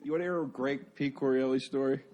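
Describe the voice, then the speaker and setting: A man's voice: mid-range voice, fairly even intonation, fast talker, mellow, muffled recording. Swearing middle-aged man telling stories. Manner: swearing, rambling anecdotes with lots of "dude" and "man". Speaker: podcast co-host, comedian. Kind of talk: casual chat.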